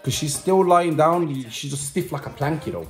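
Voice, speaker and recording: With soft music playing behind him, a man whose voice is on the high side speaks animatedly at a moderate pace. He's a vlogger and musician telling his subscribers a personal story to camera, chatty and repetitive, with slang asides.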